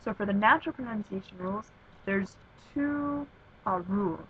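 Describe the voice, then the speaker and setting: A woman explaining language lessons in a casual, hesitant way, with many pauses and fillers. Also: medium pitch, lively intonation. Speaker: Spanish teacher. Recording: dull lo-fi sound with faint background noise.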